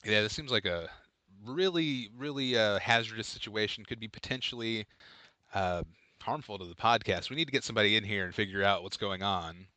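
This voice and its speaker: A man's voice: fairly low pitch, brisk, sharp tone, no room sound. A man co-hosting a casual comedy podcast, playful and jokey, rambling with lots of fillers. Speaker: podcast co-host.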